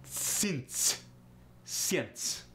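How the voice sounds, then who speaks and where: A man putting on a Russian accent to play a deliberate, matter-of-fact Russian guest who demonstrates sounds. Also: pushed and bright, slight background noise. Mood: instructive. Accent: put-on Russian.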